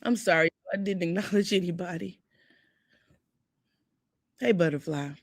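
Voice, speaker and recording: A woman's voice: on the low side, moderate pace, no echo, clean studio sound. An older woman hosting a livestream, talking bluntly and defiantly to her viewers. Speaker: livestream host. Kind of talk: heated livestream talk.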